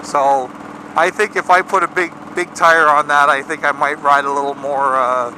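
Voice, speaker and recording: A man's voice: a little high, fairly even intonation, moderate pace, bright, forceful tone, slight background noise, poor audio. A Canadian man chatting casually outdoors for his motorcycle vlog, rambling with lots of fillers and restarts. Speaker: motorcycle vlogger.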